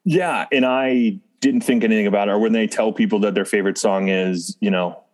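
A man's voice: on the low side, fairly quick, darkish tone. A middle-aged man in casual chat about parenting and music, rambling and restarting with frequent chuckles. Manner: rambling, self-interrupting, chuckles often.

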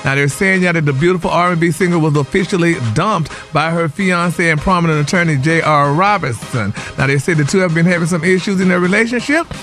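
A man's voice: a little high, fast, few pauses, fairly bright tone, faint music behind, lightly acted. A man doing a flamboyant sing-song gossip reporter. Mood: gossipy. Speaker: celebrity news segment.

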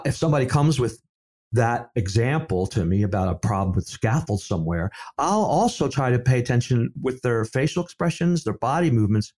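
A middle-aged man talking through stories in a relaxed interview, his pitch swinging up and down with lots of life. He acts out the voices in the dialogue he quotes. His voice sits at an ordinary middle pitch. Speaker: safety professional and seminar speaker. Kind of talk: conversational interview storytelling.

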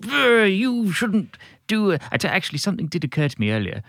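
A man's voice: high-pitched, sing-song, a little fast, creaky, a bit bright, dry recording. Hesitant man, close and dry. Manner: hesitant, lots of uh, mild and dry. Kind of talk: casual chat.

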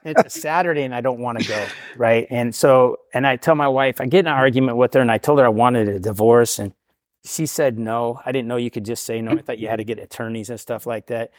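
A man's voice: mid-range voice, steady tone, fast, dry recording, studio quality. A middle-aged man, a podcast guest, telling his recovery story casually, often tagging "right?" and laughing at himself.

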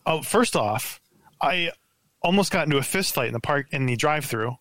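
A man guesting on a podcast, telling a story in a lively, profane way full of stammered restarts, over a remote call mic. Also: on the high side, moderate pace, no room sound. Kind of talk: casual podcast chat.

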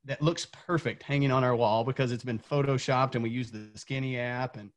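A man's voice: mid-range voice, steady tone, fairly quick. A man from Tennessee, a former coach, telling an earnest motivational story as a podcast guest, repeating words when fired up.

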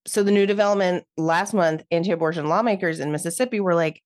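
A woman's voice: fairly low pitch, fast, hardly any pauses, a little mellow, dry recording, studio quality. A woman co-hosting a podcast, chatting casually with sarcastic asides. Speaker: guest co-host.

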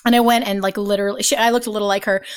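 A woman's voice: medium pitch, level tone, racing, smooth. A woman podcast host from the US Midwest with a Midwestern accent, chatting casually and giggly with her sister.

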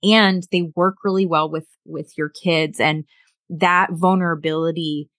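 A woman's voice: low voice, fairly even intonation, a little slow, a bit bright, no room sound, studio quality. A middle-aged woman talking earnestly in a casual conversation, often repeating words and acting out lines from family life. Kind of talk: casual conversation about sobriety.

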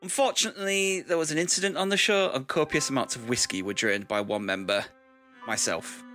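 A man, a podcast host, reading a mock-solemn comic apology with theatrical flair. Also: mid-range voice. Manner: theatrical, mock-solemn, building to loud whoops. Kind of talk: scripted comic apology over music. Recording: faint music behind.

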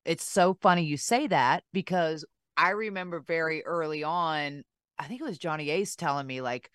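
Low-voiced Southern woman host. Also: normal speed, fairly bright tone, dry recording, clean studio sound. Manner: eager, agreeing, acts out quoted lines. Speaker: interview host. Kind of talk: casual interview chat.

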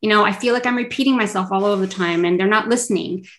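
A woman in her thirties, a parent coach, talking earnestly as a podcast guest and acting out quoted voices now and then. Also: fast talker. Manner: earnest, acts out quoted kids and adults in a higher voice. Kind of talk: casual interview chat.

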